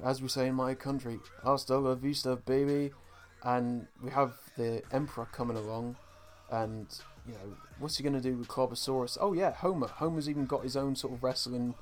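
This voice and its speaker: Animated male podcast co-host. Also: mid-range voice, normal speed. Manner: animated storyteller, acts out scenes, addresses folks. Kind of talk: casual podcast episode recap.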